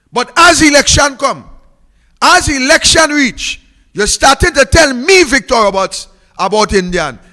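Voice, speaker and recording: A man's voice: extremely high pitch, pushed and bright, big-room sound. A Trinidadian man giving a fiery, mocking political speech, repeating phrases for emphasis.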